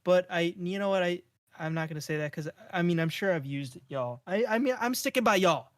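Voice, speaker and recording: A man's voice: high-pitched, lively intonation, a little fast. A young man co-hosting a casual podcast chat, teasing his friend and laughing along easily. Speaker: podcast co-host.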